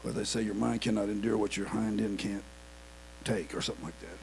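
A male preacher delivering a sermon, turning animated and rising into a shouted sing-song at its peaks. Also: fairly low pitch, fairly quick, creaky, a little hiss or hum.

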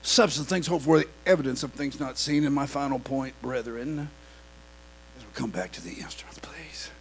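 A male preacher delivering a sermon, turning animated and rising into a shouted sing-song at its peaks. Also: mid-range voice, moderate pace, slight background noise.

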